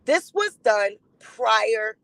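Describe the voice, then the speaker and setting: A woman's voice: a little high, sing-song, extremely slow, gravelly, a bit bright, no echo, poor audio. A woman hosting a live-stream gossip commentary, blunt and defiant, swearing freely and greeting chat viewers by name.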